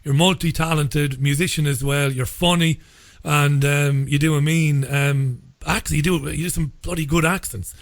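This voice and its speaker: A man hosting a radio interview, speaking in a measured way and often repeating his first words. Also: fairly high pitch, steady tone, vocal fry, no echo. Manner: measured, repeats words when starting a sentence. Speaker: radio show host.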